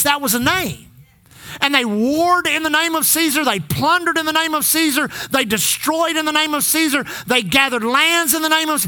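A pastor with a high, bright, forceful voice preaches in church, exhorting the congregation and having them repeat phrases back in call-and-response.

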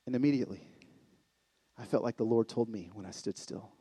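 A middle-aged man giving a sermon-style talk from a live event stage, swinging from excited loud bursts to hushed, intimate lows. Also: brisk, breathy edge, no echo. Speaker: conference speaker.

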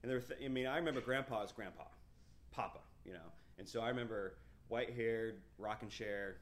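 A man's voice: on the low side, a little fast. A man in his thirties preaching a verse-by-verse sermon, reading scripture aloud and explaining it conversationally with frequent restarts. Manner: reads scripture aloud with emphasis. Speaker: pastor. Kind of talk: expository sermon.

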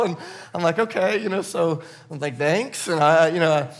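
A male pastor delivers a sermon, his voice pitched a little high. He talks in a loose, conversational way and pokes fun at himself while retelling a story. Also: brisk. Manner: conversational, self-deprecating, animated retelling with laughs.

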